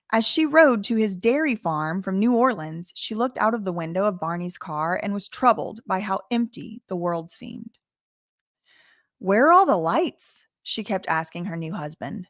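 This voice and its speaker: A woman's voice: medium pitch, dry recording. Woman commentator, reads passages aloud then drifts into chatty asides; dry, close recording. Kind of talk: reading a memoir aloud with casual commentary.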